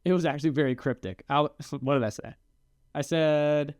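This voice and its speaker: A man's voice: fairly high pitch, fairly quick, no echo, clean studio sound. A man co-hosting a podcast in a casual, joking chat with a friend. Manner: animated, joking banter. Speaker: podcast co-host. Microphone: podcast mic.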